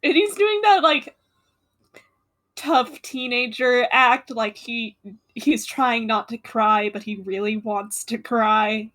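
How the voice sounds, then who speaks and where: A woman's voice: fairly high pitch, slow pace, a bit bright. A woman playing a tabletop game, describing her character's feelings with lots of "like" and "you know". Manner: explains her character's feelings with many fillers. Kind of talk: casual tabletop play chat.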